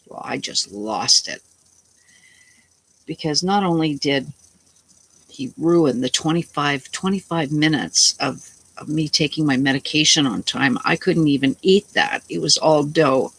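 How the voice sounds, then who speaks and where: A woman's voice: deep voice, animated, measured pace, long pauses, a bit bright, poor audio. A middle-aged woman who is unwell, telling a long, rambling, indignant story in a casual vlog and acting out her own lines. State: unwell, tired. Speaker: vlogger.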